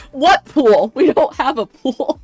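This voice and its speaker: A woman's voice: high-pitched, a little mellow, no room sound. A woman livestreaming a game, chatting casually, giggling often and reading chat messages aloud.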